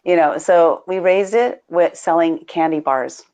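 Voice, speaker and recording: A woman's voice: lowish voice, a little slow, a little mellow. A woman from the United States co-hosting a live video show, telling stories in a bubbly way with frequent laughs. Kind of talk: casual live-stream chat.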